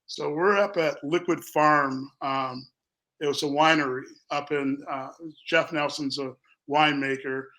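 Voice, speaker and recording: A man's voice: on the high side, measured pace, rough recording. A man from Minnesota, a company founder, telling a rambling story in a casual interview and acting out what people said. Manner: animated, rambling, acts out quotes.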